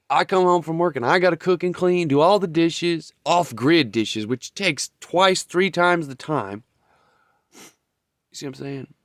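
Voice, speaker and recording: A man's voice: fairly high pitch, a bit bright, no room sound, clean studio sound. A man giving a blunt, profane, heated monologue as a vlogger. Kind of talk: ranting monologue.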